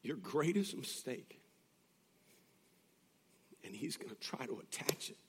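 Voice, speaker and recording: A male pastor preaching a sermon in a conversational way, moving from hushed, intimate passages to loud, urgent appeals. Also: mid-range voice, very animated, slow pace, a little hiss or hum. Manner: conversational, with restarts and asides.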